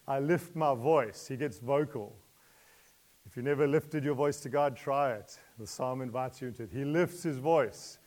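Male preacher, sermon, expressive, rises to loud pleas, quiet asides, laughs lightly, asks the listeners questions. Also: medium pitch, normal speed.

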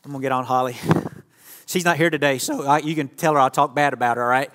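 A man's voice: mid-range voice, fairly even intonation, fast, a bit bright. A man preaching an interactive sermon from a church stage, talking casually and joking with volunteers. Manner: playful, joking with the audience. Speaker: pastor. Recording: long reverb of a church hall.

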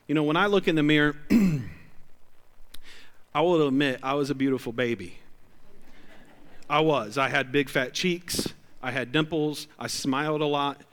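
A middle-aged male pastor preaching a sermon in a conversational, joking way, with sudden loud bursts. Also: on the high side.

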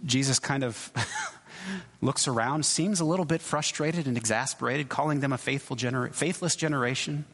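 A man giving a sermon as a pastor, in a conversational, halting way with many restarts and asides. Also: medium pitch, a bit bright. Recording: long hall reverb.

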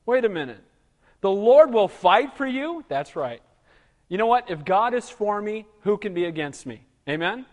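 A man preaching a sermon in a conversational style, asking the room rhetorical questions and calling for amens. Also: high-pitched. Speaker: pastor. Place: church hall. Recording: long reverb in a large room.

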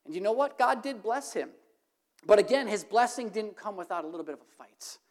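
A woman delivers a sermon in a voice of ordinary, middle pitch. She speaks emphatically and addresses her congregation directly, building to impassioned repeated questions. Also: lively intonation, brisk, a little mellow. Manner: emphatic, rising to impassioned repetition. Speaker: preacher.

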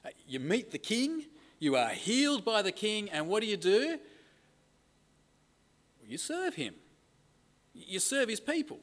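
A man's voice: high-pitched, very animated, unhurried, pauses often, a bit bright. A middle-aged man preaching a conversational sermon and reading scripture aloud with emphasis. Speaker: pastor.

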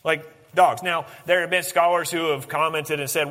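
Animated preacher, bright voice in a reverberant hall. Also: male voice, on the high side, normal speed, few pauses. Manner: animated preaching, dropping to soft intense tones for emphasis. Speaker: pastor. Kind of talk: sermon.

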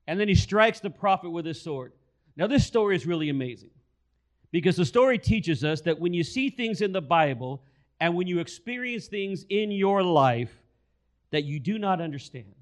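A man preaching a sermon, telling a story and repeating key phrases for emphasis. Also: a little high. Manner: storytelling, acts out quoted voices.

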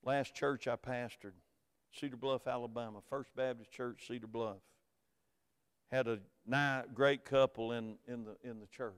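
A middle-aged man with a Southern American accent, a pastor preaching a sermon in folksy, storytelling talk that swings between quiet asides and loud, emphatic preaching. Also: mid-range voice, steady tone, a little slow, clear, resonant tone. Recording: hall reverb.

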